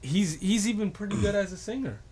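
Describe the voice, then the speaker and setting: A young male co-host with a somewhat high voice, trading casual slang-filled banter. He chimes in with short agreements and pushes his partner to play along. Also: brisk, a little mellow, slightly rough. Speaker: podcast co-host. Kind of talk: casual podcast chat.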